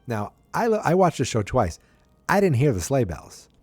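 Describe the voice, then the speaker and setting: A man at a mid pitch talks through a sitcom episode in an easy, meandering recap. He stumbles over words, fills pauses with ums and pops up higher to mimic the characters. The sound is dry and close. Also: big pitch swings, darkish tone, breathy edge, no echo. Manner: rambling, with frequent ums and restarts; acts out characters' quotes in a higher voice.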